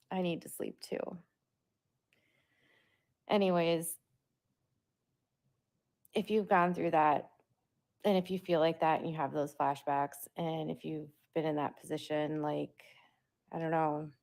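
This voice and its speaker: Young adult woman, low and gravelly, rambling casual vlog talk. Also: fairly even intonation, unhurried, pauses often. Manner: rambling, talks through filler words. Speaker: parent vlogger. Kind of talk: casual monologue to viewers.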